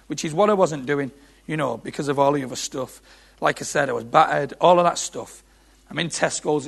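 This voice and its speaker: A man's voice: a little high, vocal fry, breathy edge. A man preaching an impassioned sermon, repeating phrases and building to emphatic peaks. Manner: impassioned, repetitive, rising to shouts.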